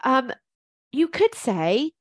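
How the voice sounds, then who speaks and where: A woman's voice: sits high, sing-song, takes it slowly, no echo. A woman giving informal coaching advice, chatty and encouraging, thinking aloud with plenty of ums. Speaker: life coach.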